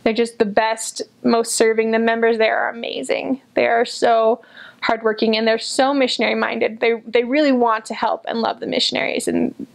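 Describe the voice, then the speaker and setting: A woman's voice: on the high side, little pitch movement, normal speed, vocal fry. A young woman, a returned missionary, talking earnestly and gushingly about people she grew fond of, often repeating herself. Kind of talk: casual personal reflection.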